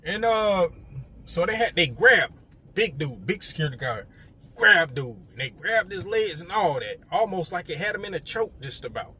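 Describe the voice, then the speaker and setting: A man's voice: on the high side, very animated, normal speed, pushed and bright. A young man telling a story straight to his viewers in a casual, conversational way, often talking to them directly. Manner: conversational, addresses viewers directly, many fillers.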